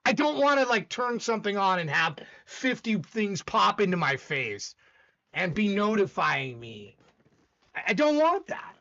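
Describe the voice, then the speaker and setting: A man's voice: high-pitched, sharp tone, dull audio. A man hosting a casual stream, talking intensely and emphatically with frequent restarts. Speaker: host. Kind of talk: casual livestream chat.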